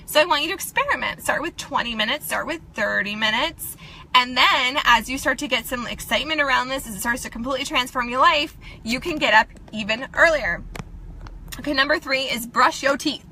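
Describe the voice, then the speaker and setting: A woman's voice: sits high, a little fast, pushed and bright, a little hiss or hum, low-quality recording. A woman in her thirties giving a casual, upbeat motivational talk to her viewers, chatty and laughing often. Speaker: self-help vlogger.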